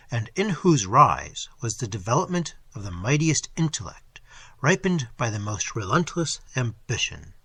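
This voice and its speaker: A man's voice: medium pitch, fairly bright tone, breathy edge, no room sound, full character voice. Man doing a solemn, ominous foreign sage. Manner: solemn, measured, archaic speech. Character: mysterious foreign male sage, deep-voiced, calm, ominous.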